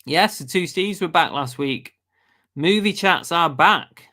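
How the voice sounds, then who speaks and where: A man's voice: a little high, expressive, a little slow, pushed and bright. Chatty British man reading chat. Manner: chatty, reads viewer comments aloud. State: losing his voice. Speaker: livestream host. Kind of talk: casual live stream chat.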